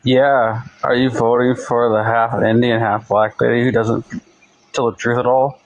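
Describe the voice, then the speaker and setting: A man's voice: mid-range voice, little pitch movement, unhurried, lo-fi sound. A man calling into a live debate, combative and talking over the host. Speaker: caller. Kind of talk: heated live-stream debate.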